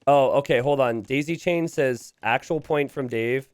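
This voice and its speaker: A man's voice: medium pitch, smooth, dry recording. A man casting a strategy game, joking with his co-caster and laughing often. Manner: animated, joking, quick to laugh. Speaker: esports caster. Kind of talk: live game commentary with banter.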